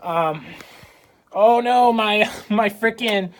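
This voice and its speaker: A woman speaks very slowly in a medium-pitched voice as she films a casual tour of her home game room on a handheld phone camera. As the video creator, she narrates in an offhand, upbeat vlog style full of fillers.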